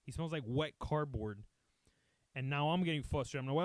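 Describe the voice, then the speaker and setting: Profane, animated man telling a story. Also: fairly high pitch, moderate pace, no room sound. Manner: profane, animated, acts out quotes, switches between English and Spanish. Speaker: podcast host telling a story. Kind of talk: casual comic storytelling.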